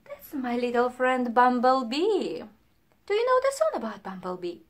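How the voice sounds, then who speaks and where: A woman leading a sing-along music lesson for young children, animated and playful, singing and dropping into hushed whispers. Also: fairly high pitch, moderate pace. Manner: animated, swings between sung lines and hushed whispers.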